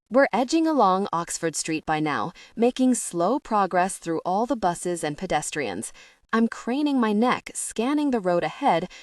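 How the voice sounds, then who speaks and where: A woman narrating a first-person comedy audiobook in an expressive, anxious way. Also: medium pitch, no room sound, studio quality.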